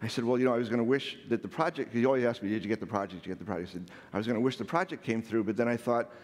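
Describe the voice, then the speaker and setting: A man's voice: mid-range voice, very fast, in a large hall. A man telling funny personal stories on stage, self-deprecating and playful. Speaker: speaker. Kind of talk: storytelling talk on stage. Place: large hall.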